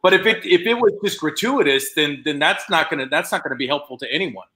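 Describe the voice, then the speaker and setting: A male actor talking casually as a guest over a video call. His tone is bright and forceful, with a lively, swinging pitch. He is animated and restarts his phrases often as he thinks. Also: quick pace. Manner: animated, restarts a lot, many fillers. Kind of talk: casual chat.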